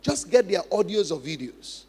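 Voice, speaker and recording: A man's voice: sits high, big pitch swings, normal speed, a little mellow, breathy edge. A man preaching a sermon as pastor, emphatic, repeating key phrases and acting out practice drills. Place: large church hall. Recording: long hall reverb.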